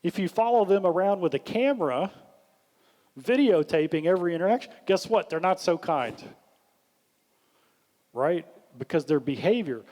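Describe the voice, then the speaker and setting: A man giving a leadership workshop talk, animated, acting out the questions he suggests. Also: sits high, normal speed, pauses often. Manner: animated, acts out questions in a lifted voice. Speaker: workshop speaker. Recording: long hall reverb.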